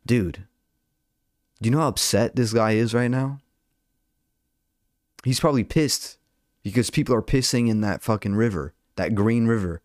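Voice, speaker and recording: A man's voice: medium pitch, normal speed, long pauses, a little mellow, dry recording, studio quality. A young man ranting casually to his viewers, fired up and profane, rambling with lots of filler words. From Albanian heritage. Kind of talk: casual rant to camera.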